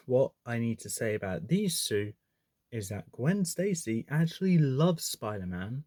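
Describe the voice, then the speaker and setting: Very animated, this movie reviewer has a fairly high pitch, a dark tone, and a moderate pace, chatting through an opinionated film ranking and restarting sentences often to correct himself. It's clean studio audio with no echo.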